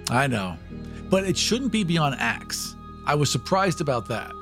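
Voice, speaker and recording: Man co-hosting a book podcast, lively swooping pitch, eager questions. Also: measured pace, over music. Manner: eager, curious questions and reactions. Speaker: podcast co-host. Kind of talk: casual book-club chat.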